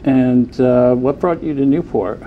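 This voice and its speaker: A man hosting an interview, asking questions in a calm, affirming way. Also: mid-range voice, unhurried, phone-quality sound, a little hiss or hum. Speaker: host.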